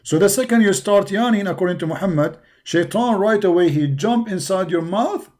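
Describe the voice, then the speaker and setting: A man's voice: high-pitched, normal speed, a little mellow. A man hosting a livestream who argues in broken English, keeps calling his listeners brother, and speaks in a tired, mocking tone. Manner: mocking, argumentative. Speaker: livestream host. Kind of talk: livestreamed religious critique talk.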